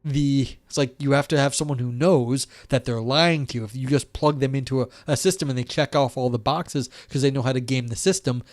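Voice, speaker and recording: A man's voice: mid-range voice, a little fast, hardly any pauses, no room sound, studio quality. A man talking casually on a livestream, rambling and blunt, calling himself a curmudgeon while reading chat.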